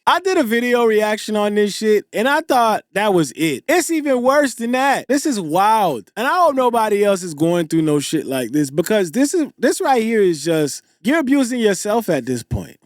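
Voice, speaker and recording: A man's voice: high voice, very animated, moderate pace, hardly any pauses, no room sound, clean studio sound. A man from Haiti hosting a reaction video, talking in an emphatic, slangy and profane way. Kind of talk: casual reaction commentary.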